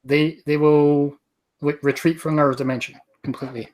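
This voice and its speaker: A player in a tabletop game, speaking in a halting, casual way. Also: medium pitch, little pitch movement, a little mellow. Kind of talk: tabletop role-play chat.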